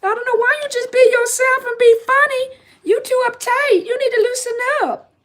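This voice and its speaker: A shrill, squeaky-high voice of a blunt, bossy woman friend handing out scolding advice, as a woman puts her on. The tone is much higher and thinner than the speaker's own, with a pushy, no-nonsense delivery. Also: fairly even intonation, moderate pace, a bit bright.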